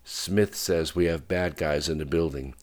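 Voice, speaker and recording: An audiobook narrator voicing a woman woken in the night who turns sharp and rattled. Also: rumbling low, unhurried. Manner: groggy then sharp and rattled. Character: woman, Bet, jolted awake into alarm. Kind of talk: audiobook character voice.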